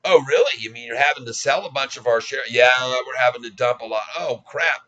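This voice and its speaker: A man's voice: mid-range voice, a little fast, fairly bright tone, muffled recording, natural voice. A man in his sixties mimicking dopey, gleeful male short-selling traders in a mocking, exaggerated way. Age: 60s.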